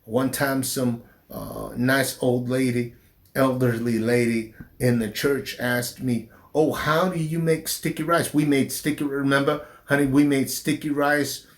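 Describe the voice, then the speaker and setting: A middle-aged man, a pastor, speaking slowly and haltingly in an interview, with a slight southern drawl since his stroke. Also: mid-range voice, steady tone. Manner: slow, halting speech with restarts after a stroke. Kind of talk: personal interview.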